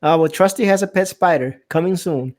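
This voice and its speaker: Brief: male live-stream host, slightly high voice, playful, reads viewer comments. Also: brisk, darkish tone. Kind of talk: casual live-stream chat.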